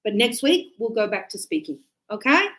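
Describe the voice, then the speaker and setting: A woman teaching English pronunciation to a class, animated, acting out examples and checking often that everyone understands. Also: on the high side, normal speed, rough recording.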